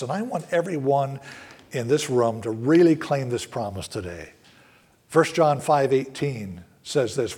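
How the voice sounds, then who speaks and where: A man's voice: on the high side, a little mellow. A male pastor preaching a sermon to a congregation in a church, with earnest, emphatic rises on key words. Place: church sanctuary.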